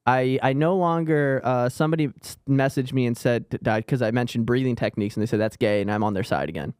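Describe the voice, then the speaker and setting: A young man, a stand-up comic co-hosting a podcast, who answers with deadpan jokes, chuckles and quick agreements. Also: mid-range voice, clear, resonant tone, no echo, studio quality. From Florida. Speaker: stand-up comedian and podcast co-host. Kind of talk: casual podcast chat.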